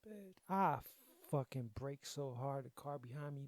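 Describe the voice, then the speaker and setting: Podcast host, young man, loose profane storytelling, emotional, warm low-key voice, dry mic. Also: unhurried, few pauses, no echo. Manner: profane, conversational, repeats himself. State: grieving, emotional. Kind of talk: casual storytelling.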